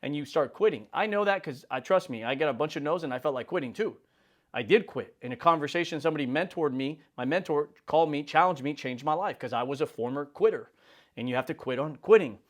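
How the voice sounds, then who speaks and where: A man's voice: a little high, expressive, fast. A man in his forties giving a casual, slangy motivational talk as host, often acting out little conversations. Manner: casual, slangy, acts out quoted dialogue. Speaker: insurance business leader and video host.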